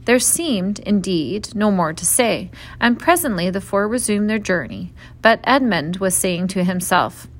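A woman reading a children's novel aloud in a steady, clear storytelling voice. She sits at an ordinary middle pitch for a woman. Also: unhurried, hardly any pauses. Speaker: narrator.

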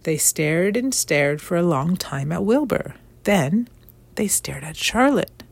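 Low-voiced woman reading a storybook. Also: expressive, slow pace, vocal fry, breathy edge, no echo. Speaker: storybook reader. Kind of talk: reading a children's novel aloud.

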